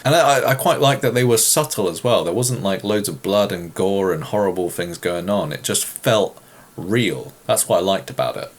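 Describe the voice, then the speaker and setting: English guy doing a q and a vlog, chatty and jokey, voice sits a bit low. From England. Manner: chatty, joking, self-deprecating. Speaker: YouTuber answering viewer questions. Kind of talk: casual Q and A chat.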